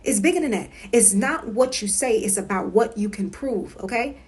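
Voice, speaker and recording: A woman's voice: on the high side, animated, moderate pace, darkish tone. A woman talking straight to her viewers in a casual home vlog. She is emphatic and repeats herself, and she keeps checking in with "okay?". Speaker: consumer-rights vlogger. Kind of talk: casual instructional monologue.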